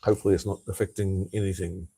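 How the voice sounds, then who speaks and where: An Australian man runs a casual live stream, chatting loosely and responding to viewer comments, rambling along with constant "uh," "mate" and "hey." His low voice is flat, fast, creaky, mellow and slightly rough.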